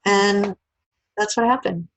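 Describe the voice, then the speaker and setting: A woman appearing as an interview guest casually tells a personal story, animatedly acting out what the people in it said. Her voice is medium-pitched and slow, and the audio quality is poor.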